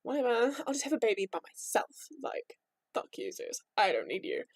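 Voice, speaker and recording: A woman doing a low, fed-up goddess queen. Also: huge pitch swings, normal speed, creaky, no echo, clean studio sound, full character voice. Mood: defiant. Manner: dismissive, defiant.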